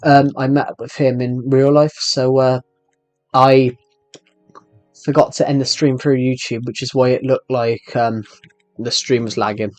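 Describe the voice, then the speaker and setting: A man's voice: mid-range voice, little pitch movement, unhurried, no echo, faint music behind. Man rambling through a game stream. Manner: rambling, hesitant, with many fillers. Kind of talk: live game stream commentary.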